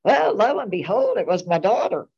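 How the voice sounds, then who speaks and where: A woman's voice: medium pitch, animated, moderate pace, darkish tone, slightly rough. A middle-aged woman and town commissioner, rambling through casual anecdotes at a meeting. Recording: dull lo-fi meeting recording.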